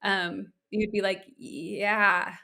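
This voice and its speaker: A woman's voice: mid-range voice, moderate pace, a bit bright. A woman in her thirties co-hosting a podcast, talking candidly and conversationally with lots of filler words. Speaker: podcast co-host. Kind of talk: casual chat.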